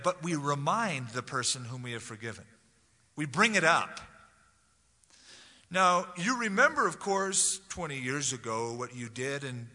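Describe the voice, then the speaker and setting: Pastor guy preaching in a big echoey church, super bright voice, kinda high, acts out voices as he goes. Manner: conversational, acts out voices of Bible characters. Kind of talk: expository sermon. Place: church sanctuary. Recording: long hall reverb.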